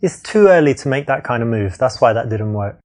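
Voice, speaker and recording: A man's voice: mid-range voice, lively intonation, a little fast, a little mellow. A man giving frank, matter-of-fact commentary as a dating coach, explaining what went wrong. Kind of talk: instructive commentary.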